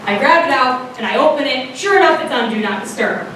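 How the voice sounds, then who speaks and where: A young woman telling a funny story on a theater stage, animated and laughing as she acts out her friends. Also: sits high, a little fast, distant mic, a little hiss or hum. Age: young adult. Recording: very echoey theater from afar.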